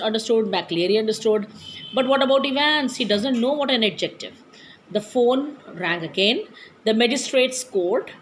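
A woman's voice: medium pitch, slight background noise, rough recording. A woman who reads a story aloud as a teacher and explains each passage, switching into Hindi and hesitating often. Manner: many hesitations and restarts.

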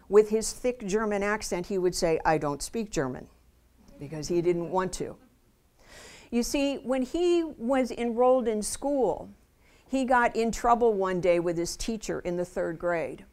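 A woman's voice: medium pitch, a little mellow. Woman, storytelling talk, earnest, vivid, speaks directly to students, school visit. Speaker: Holocaust education speaker. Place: school assembly room.

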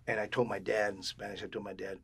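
An older man telling stories in a casual interview, animated and acting out the voices of people he quotes. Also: lowish voice, quick pace, vocal fry, husky. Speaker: interviewee, bandleader.

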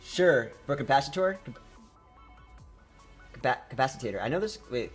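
Man, game streamer, mid-pitched, talks to chat, stumbles on words, faint music behind. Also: moderate pace, long pauses. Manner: excitable, talks to chat, trips over words. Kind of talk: live gameplay commentary.

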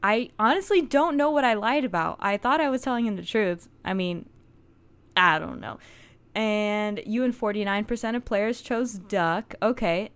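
A woman's voice: mid-range voice, expressive, moderate pace, a bit bright, smooth. A young American woman hosting a casual let's play, chatty, jokey and swearing freely. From United States. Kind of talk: casual gameplay commentary.

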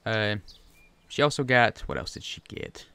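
A man's voice: on the low side, big pitch swings, measured pace, creaky, bright, forceful tone, clear, resonant tone. A man chatting casually and rambling through gameplay commentary at his home desk, talking to the fish on screen. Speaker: gaming video creator. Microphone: USB desk microphone.

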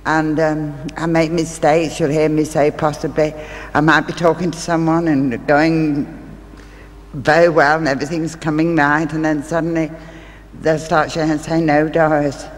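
A woman's voice: low voice, flat delivery, normal speed. A woman speaking as a stage medium, telling homely stories to a live audience with chatty asides. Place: large theatre hall. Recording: reverberant live hall, faint ambience.

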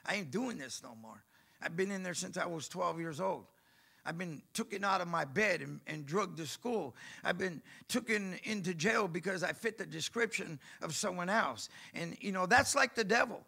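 A man preaching and giving his testimony, telling his story animatedly and acting out the dialogue with bursts of shouting. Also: sits high, normal speed, creaky, husky. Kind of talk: sermon testimony.

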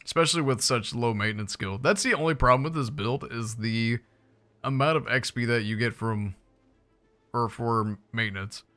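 A man's voice: mid-range voice, normal speed, sharp tone, soft background music. A young man giving casual, playful commentary while playing a survival game, chatting to his viewers with jokey asides. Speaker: gaming YouTuber.

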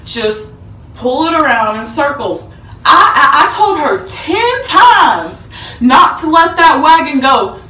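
A woman's voice: sits high, slow, echoey room, far from the mic. A young woman telling a dramatic storytime vlog, acting out quotes with bursts of laughter. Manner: animated, dramatic retelling with acted-out quotes and laughter. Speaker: vlogger.

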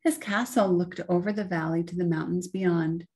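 A woman telling a picture-book story for a church audience, reading slowly and expressively. Her voice sits a little low, and she voices the story's sound effects herself. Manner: slow, expressive read-aloud with sound effects.

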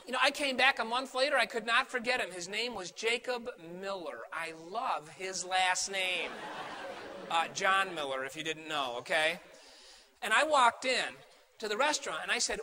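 A man giving a storytelling keynote speech to a room full of people, animated and conversational, dropping to a near hush for punchlines. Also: sits high, normal speed. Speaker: keynote speaker. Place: large room with an audience.

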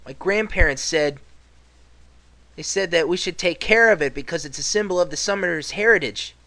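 A man's voice: a little high, moderate pace, pushed and bright. Man doing a stubborn little girl. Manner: insists she is grown up, sulky. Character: young girl, proud and stubborn.

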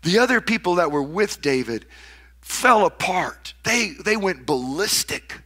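A man's voice: big pitch swings, measured pace, pushed and bright. A man preaching a sermon, dramatically acting out the words of the people he quotes. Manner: dramatic, acts out quoted voices with big swings in pitch and volume. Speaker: pastor.

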